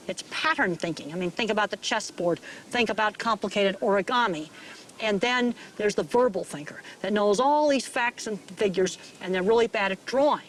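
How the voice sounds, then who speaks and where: A woman's voice: mid-range voice, a bit bright, slight background noise. A woman in an interview, explaining things in a direct, plain-spoken way. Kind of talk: interview talk.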